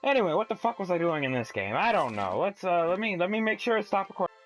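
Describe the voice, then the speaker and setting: A man's voice: sits high, big pitch swings, fast, faint music behind, low-quality recording. A man hosting a let's play, commenting casually in a profane, rambling way and reading aloud from a magazine.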